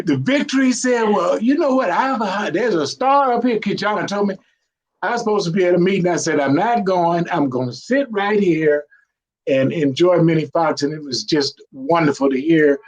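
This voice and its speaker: An older man talking in a warm, rambling, praising way during a casual chat. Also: a little high. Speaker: guest. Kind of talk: casual video-call chat. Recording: muffled lo-fi call audio.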